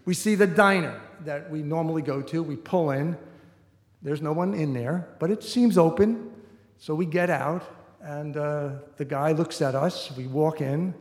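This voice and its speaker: A man's voice: fairly high pitch, a little slow. A middle-aged man telling a personal story on stage, in an easy conversational way full of "you know" asides. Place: stage in a large hall before an audience. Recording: roomy hall reverb.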